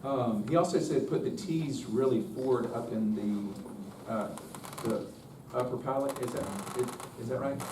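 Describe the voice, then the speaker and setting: Captured in a roomy, distant live room with some background noise, this man leads a choral workshop at a slightly slow pace. His mid-range voice is chatty and self-interrupting, and he occasionally stops to sing brief demonstrations.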